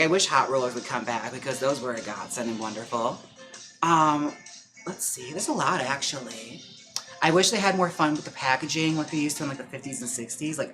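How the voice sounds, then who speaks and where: A man hosting a livestream in casual chat, talking with lots of fillers and quick laughs. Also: medium pitch, pushed and bright. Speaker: live-stream host. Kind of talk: casual chat during a wig-styling livestream.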